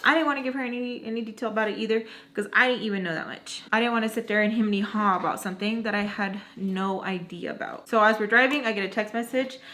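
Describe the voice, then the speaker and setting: Woman vlogger rambling thru a story, mid pitch, acts out the quotes. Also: fast talker, hardly any pauses. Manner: animated, acts out quoted dialogue; rambling, self-correcting asides. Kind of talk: casual storytime retelling.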